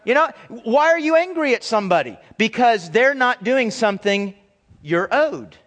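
A male pastor giving a conversational, animated sermon, acting out quoted voices as he goes. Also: extremely high pitch, normal speed, big-room sound.

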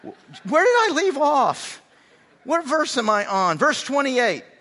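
In a church sanctuary, a pastor delivers a sermon in a high, bright, forceful voice that rings through the hall's long reverb. His pitch swings widely, and he slows down to drive his points home. He often stumbles, repeats words and restarts as he goes.

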